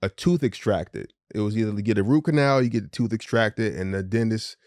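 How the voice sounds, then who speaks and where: A middle-aged man tells a long personal story on a podcast, candid and a little profane, slipping into the voices of the people he quotes. His voice sits low, and the recording is close and dry, with no room sound. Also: brisk, a little mellow, dry recording. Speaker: podcast co-host. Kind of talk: casual storytelling chat.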